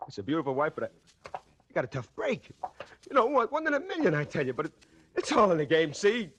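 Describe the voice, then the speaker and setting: A man's voice: on the high side, wildly swooping pitch, quick pace, fairly bright tone, a little hiss or hum. An actor playing a condemned male killer in a radio drama, talking tough-guy slang and pressing others with taunting questions. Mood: swaggering. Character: condemned male killer, boastful, cracking under fear. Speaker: prisoner. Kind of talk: 1940s radio acting.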